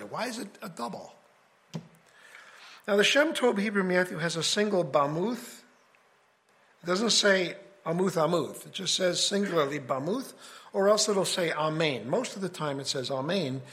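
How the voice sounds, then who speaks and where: A man's voice: sits high, a bit bright. A man teaching a casual scripture study, explaining his reasoning step by step in a conversational way. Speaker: Bible teacher.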